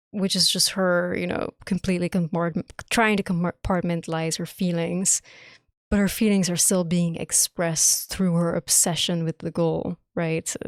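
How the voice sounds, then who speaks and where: A woman's voice: on the low side, dry recording, studio quality. A young woman streamer giving live reaction commentary on a game, gushing and emphatic, swearing often.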